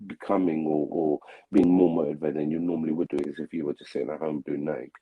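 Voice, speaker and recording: A man's voice: fairly even intonation, quick pace, narrow, tinny audio. A man hosting a live stream, chatting casually and rambling with many fillers. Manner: rambling, filler-heavy, mimics relatives in a loud high voice.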